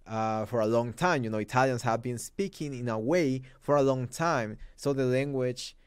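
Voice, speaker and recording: Mexican-accented male host, Spanish-speaking native, smooth resonant voice, dry close sound, emphatic casual commentary. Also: mid-range voice, moderate pace, dry recording. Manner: emphatic, conversational, with many asides. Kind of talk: opinion commentary.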